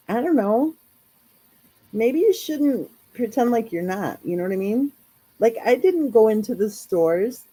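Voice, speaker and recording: A woman's voice: mid-range voice, warm tone, breathy edge, poor audio. A woman hosting a casual live chat, talking in a chatty, rambling way with lots of fillers. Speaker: true crime channel host.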